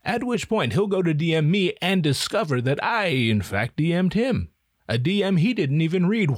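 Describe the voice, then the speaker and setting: A man's voice: a little high, big pitch swings, moderate pace, dry recording, clean studio sound. A man hosting a podcast in a casual, rambling monologue, profane and self-mocking. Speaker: podcast host. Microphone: podcast headphones and mic.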